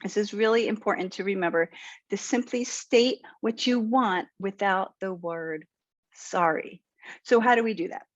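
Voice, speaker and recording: A woman's voice: medium pitch, moderate pace, no echo. An assertive, encouraging woman coach speaks straight to her viewers and lays out plain examples. Her voice sits in a middle range. It comes across dry and close, with a slightly dull, muffled tone. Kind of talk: direct-to-camera tip video.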